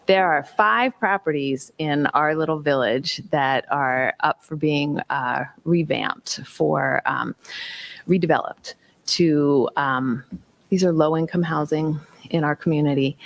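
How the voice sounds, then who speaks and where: A woman's voice: deep voice, slow, vocal fry. A woman giving a spiritual talk, telling personal stories with emphatic whispers and acted-out dialogue. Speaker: minister and special ed teacher.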